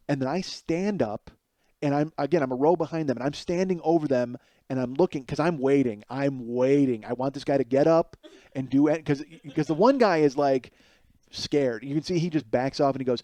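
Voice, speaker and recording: Profane, animated man spinning a story. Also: on the high side, moderate pace, no echo. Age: 40s. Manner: animated, profane, self-mocking. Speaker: podcast host. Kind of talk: solo comedic storytelling.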